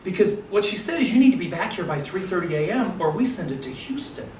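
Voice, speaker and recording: Older man telling a lively story. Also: high voice, quick pace. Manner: animated, acts out voices in his story. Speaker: motivational speaker. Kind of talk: storytelling speech. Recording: roomy, distant mic with faint noise.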